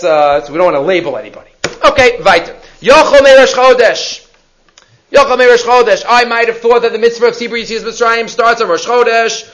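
A man teaching a Haggadah class, acting out questions as he goes. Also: fairly high pitch. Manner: animated, acts out the sons' questions, mixes Hebrew terms. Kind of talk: lively Torah lecture. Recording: dull lo-fi recording.

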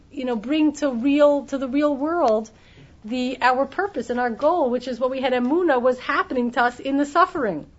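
Woman teaching a torah class, kinda high voice, keeps restarting sentences, muffled lo-fi sound. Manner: explanatory, many restarts, acts out quoted voices. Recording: dull lo-fi recording.

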